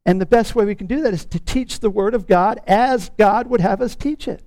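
Guy preaching to his church, slightly high voice, repeats his points, dry mic. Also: normal speed, a little mellow, dry recording. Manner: earnest teaching, repeats key phrases. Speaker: pastor. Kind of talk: sermon.

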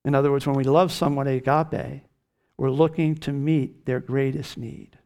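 A man preaching a sermon, slowing down and leaning hard on key words. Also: medium pitch, level tone, a little mellow. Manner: slow emphatic preaching, rising on key words. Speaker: pastor.

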